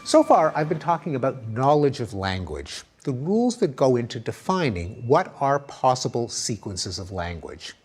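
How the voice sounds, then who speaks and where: Lively husky male lecturer. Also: medium pitch, normal speed, few pauses, soft background music. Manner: lively, emphatic explaining with spoken examples. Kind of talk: academic lecture.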